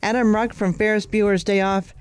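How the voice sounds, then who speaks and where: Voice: mid-range voice, level tone, fairly quick, faint music behind. A radio co-host reading entertainment news headlines in an easy, chatty way, laughing along with a partner. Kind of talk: casual entertainment news read.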